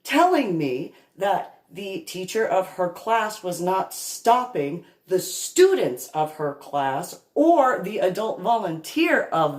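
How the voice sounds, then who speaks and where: A woman talks through her own story as a parent, slow and deliberate, with emphatic pauses. Her pitch swings widely from phrase to phrase. The recording carries a noticeable room echo. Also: a little mellow. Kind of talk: unscripted monologue vlog.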